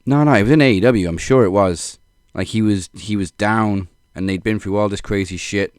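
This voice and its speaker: A man with a lowish voice co-hosting a wrestling podcast in an easygoing, dry way. The sound is close and dry. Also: normal speed, a little mellow, smooth, dry recording. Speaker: podcast co-host. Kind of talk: casual wrestling chat.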